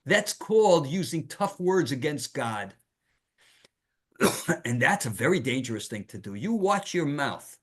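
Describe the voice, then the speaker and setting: A male rabbi giving a Torah lecture, animated and emphatic, asking rhetorical questions and sprinkling in Hebrew terms. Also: medium pitch, measured pace, long pauses, breathy edge.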